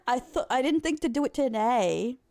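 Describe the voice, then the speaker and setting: A woman's voice: sits high, lively intonation, unhurried, darkish tone. Foul-mouthed Australian woman streamer. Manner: swearing, teasing her chat. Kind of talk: live-streamed gameplay chat.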